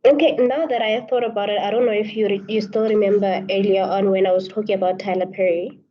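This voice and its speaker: A woman student answering in an online class, talking quickly and checking whether she is making sense. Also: medium pitch, steady tone. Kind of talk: class discussion. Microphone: video call. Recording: muffled lo-fi audio.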